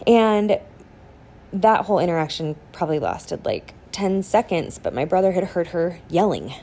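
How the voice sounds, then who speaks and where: Woman, young adult, podcast guest, candid personal story, lowish voice, filler-heavy. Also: animated, moderate pace, warm tone.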